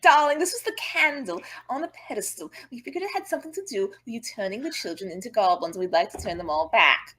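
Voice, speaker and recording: Woman player, theatrical in-character talk, high and husky. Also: expressive, fast, few pauses, fairly bright tone. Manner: theatrical, calls everyone darling. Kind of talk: in-character tabletop role-play.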